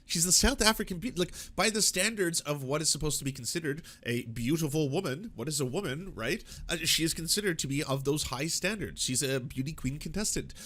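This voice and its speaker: A man's voice: a little high, lively intonation, a little fast, hardly any pauses, fairly bright tone. A man hosting a political reaction show, talking casually and profanely, with mocking asides. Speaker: political commentary host.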